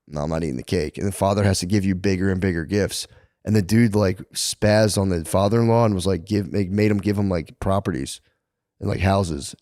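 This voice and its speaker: A man's voice: lowish voice, darkish tone, no room sound, studio quality. A man co-hosting a podcast, telling a long story in a rambling, profane way, full of "like" fillers. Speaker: podcast co-host. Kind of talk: casual chat.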